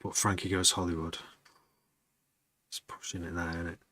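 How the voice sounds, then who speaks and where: A man's voice: low-pitched, little pitch movement, moderate pace, bright, forceful tone. A man, a music producer, chatting casually with his livestream viewers, rambling and laughing often as he muses aloud. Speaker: music producer streaming to chat.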